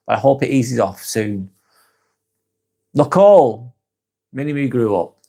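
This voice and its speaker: A man's voice: mid-range voice, vocal fry. A man with a Lancashire accent, hosting a casual live stream, reading out viewer comments and answering them frankly, swearing often. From England. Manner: frank, swears freely, muses aloud.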